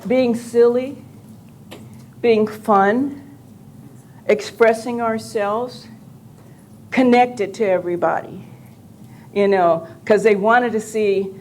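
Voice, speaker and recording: An older woman on a live convention panel, telling animated, joking stories with some profanity. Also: on the high side, slow pace, long pauses, a little hiss or hum. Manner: animated, jokey, profane anecdotes.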